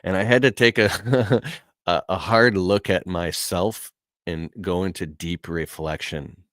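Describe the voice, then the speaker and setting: A man's voice: low-pitched, steady tone, slow, a bit bright, dry recording. A man telling a personal story in a casual, heartfelt way, earnest and emotional, with casual slang.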